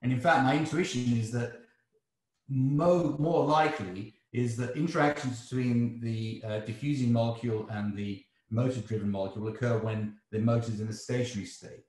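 An English man answering a seminar question, thinking aloud with halting restarts. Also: medium pitch, a little mellow. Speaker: seminar speaker. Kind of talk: academic Q&A answer. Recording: echoey room.

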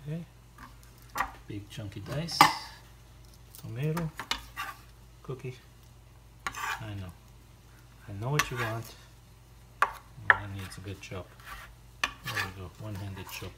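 Slow, chatty man cooking at home. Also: on the low side. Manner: chatty, talks to himself and his dog while chopping. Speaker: home cook hosting a cooking video. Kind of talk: casual cooking demonstration. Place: home kitchen. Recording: loud kitchen noise throughout. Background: chopping, clinking dishes and cutlery.

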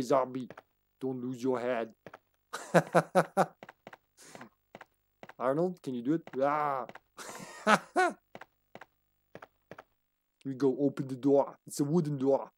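A man's voice: mid-range voice, slow pace, pauses often, slight background noise. A man streaming a video game live, chatting casually, giggling often and talking to the game and his cat. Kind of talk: casual gaming commentary.

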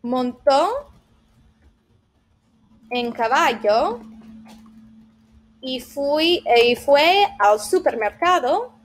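A woman's voice: high voice, big pitch swings, drawn-out words, long pauses. A woman Spanish teacher talking other teachers through an online lesson, bubbly and playful, mixing in Spanish phrases. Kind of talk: teacher vlog walkthrough.

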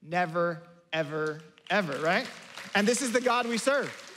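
A male pastor delivers a sermon in a high, light voice. He talks in a loose, conversational way, restarting phrases and acting out quotes with lively energy. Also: unhurried, slight background noise. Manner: conversational, animated, with repeated restarts and acted-out quotes. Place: church sanctuary.

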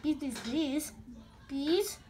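A woman vlogger giving casual commentary as she browses websites, excitable and quick to gasp and exclaim at what she sees. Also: high voice. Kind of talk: casual screen-recording commentary. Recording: music clearly audible behind voice.

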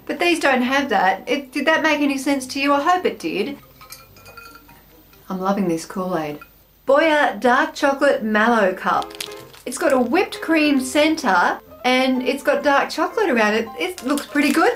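A woman's voice: on the high side, lively intonation, moderate pace, fairly bright tone, soft background music. An Australian woman hosting a snack taste-test vlog, chatting to camera in a bubbly, self-mocking way. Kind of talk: casual chat to camera.

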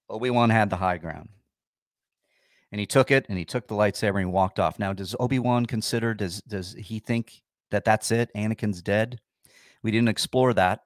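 A fairly low-voiced man talks casually on his livestream, sarcastic and a little grumpy as he answers viewers. The sound is dry and close, with no room around it. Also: dry recording. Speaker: livestream host.

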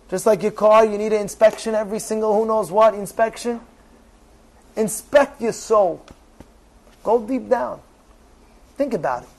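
A man, a rabbi, giving an animated sermon, repeating phrases for emphasis. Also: sits high, moderate pace, pauses often, rough recording.

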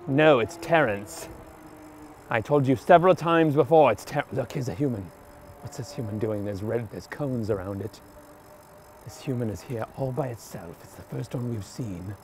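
A man's voice: medium pitch, a little mellow. A man riding a bicycle around town and talking to himself, arguing back and forth in two voices and drifting in and out of a half-British accent. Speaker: vlogger. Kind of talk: rambling talk to himself while cycling. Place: outdoors on quiet town streets, riding a bicycle. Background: faint street and traffic noise.

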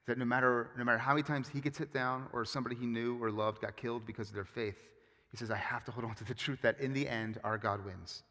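A man preaching a sermon as pastor, with animated, emphatic storytelling and frequent restarts. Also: medium pitch, quick pace. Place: church sanctuary. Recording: long hall reverb.

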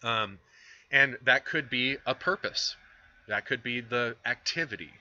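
A man's voice: medium pitch, a little slow, sharp tone, no echo, muffled recording. A man giving a casual recorded lecture on philosophy, explaining with fillers and conversational asides. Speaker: philosophy instructor.

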